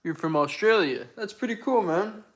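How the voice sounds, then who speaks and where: A young male livestream host with a slightly high voice chats loosely with his viewers. He answers their comments as he goes, in a relaxed and talkative way. He speaks close to a desk microphone. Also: normal speed. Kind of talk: casual livestream chat with viewers.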